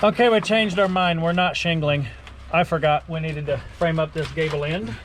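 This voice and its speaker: With a fairly high, fairly even voice at a normal speed, this young carpenter and vlog host jokes around and explains his work in a relaxed way. He's recording outside at a chilly riverside construction site amid loud ambient noise.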